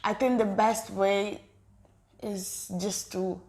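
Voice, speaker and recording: A woman's voice: mid-range voice, steady tone, slow, darkish tone. A woman co-hosting a relationship talk with her partner, speaking directly to viewers in a chatty, repetitive way. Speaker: co-host of a couple's channel. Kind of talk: casual chat.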